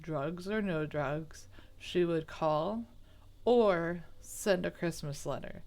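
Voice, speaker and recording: A woman's voice: lowish voice, clean tone. A woman retelling a true crime story in a chatty, rambling way, with asides, self-corrections and indignant remarks. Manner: baffled, indignant.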